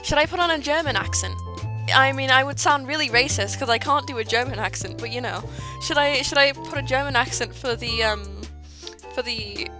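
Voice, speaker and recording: A woman with a somewhat high voice reads her friends' old fan fiction aloud on a livestream. She keeps breaking off to giggle, apologize and comment. Music plays clearly behind her. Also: a little fast. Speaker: streamer. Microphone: streaming mic. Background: music playing.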